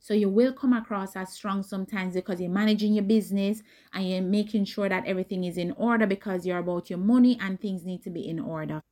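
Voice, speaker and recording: Mellow-voiced woman giving blunt dating advice. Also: fast, hardly any pauses. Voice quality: not high or squeaky. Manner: direct, emphatic, conversational with quoted asides. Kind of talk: casual advice talk.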